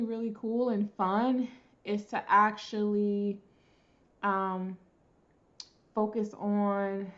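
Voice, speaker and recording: A woman's voice: medium pitch, dull audio. Chatty woman hosting a card reading. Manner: chatty and excitable, addresses viewers as y'all. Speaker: tarot reader and channel host. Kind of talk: casual pick-a-card reading intro.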